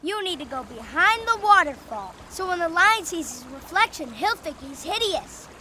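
An earnest, bossy cartoon kid with a very high, bright voice. Light music plays underneath. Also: female voice, very animated, moderate pace, a little hiss or hum, full character voice. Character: earnest young cartoon planner.

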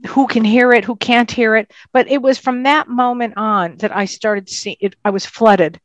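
A woman, a psychic medium, telling her story in a casual interview with an animated, emphatic manner. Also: fairly high pitch, moderate pace, no echo.

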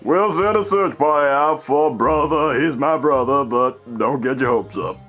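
A man's voice: mid-range voice, unhurried, muffled recording, faint music behind, lightly acted. A man voicing a wry, blunt male smuggler who delivers bad news offhandedly. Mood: dry. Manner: dry and offhand.

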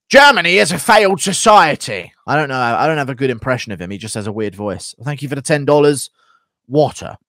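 A man's voice: mid-range voice, dry recording, clean studio sound. Crude, joking male streamer. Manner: crude, profane, joking banter while reading donations. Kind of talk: casual live-stream chat.

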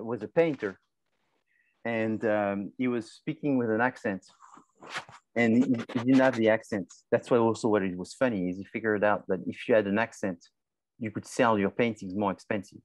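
A man's voice: lowish voice, no echo. A male marketing professor giving a conversational class lecture, asking and answering his own questions.

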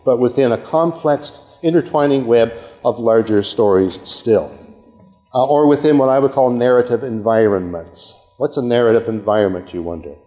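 An older man from Canada delivers a university lecture at a middling pitch, often restarting his sentences and tossing in asides and an "okay?" to his listeners. His voice carries a long reverb from the lecture hall. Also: normal speed, mellow. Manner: rambling, self-interrupting, with frequent okays and asides. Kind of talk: academic lecture.

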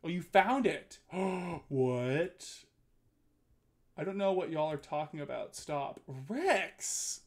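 A man's voice: a little high, moderate pace, few pauses. A man streaming, chatting casually with his viewers and reading chat aloud. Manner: chatty, reads chat aloud, animated swings.

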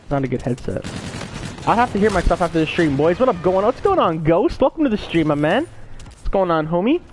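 A man's voice: high-pitched, very animated, brisk, a little hiss or hum. A young man live-streaming a game, casually greeting his viewers by name over a gaming headset.

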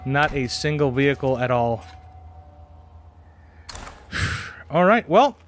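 A man's voice: medium pitch, big pitch swings, slow. A man hosting a gaming channel, giving casual commentary as he plays and talking himself through each step, often repeating his words. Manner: talks to himself while playing, repeats phrases. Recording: game music and engine sounds behind. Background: game music and vehicle sounds.

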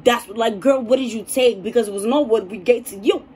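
A young woman vlogger telling a story in a casual, animated and dramatic way. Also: fairly high pitch, brisk, slight background noise.

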